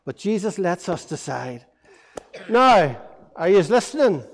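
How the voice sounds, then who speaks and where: Male preacher, playful storyteller for kids, high voice, church-hall reverb. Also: a little slow. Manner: lively, playful storytelling to children. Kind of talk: all-age sermon storytelling.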